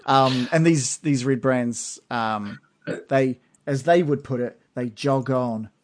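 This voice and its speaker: A man's voice: medium pitch, slow pace, slight background noise. A man narrating a tabletop game as game master, loose and hesitant with many ums and restarts.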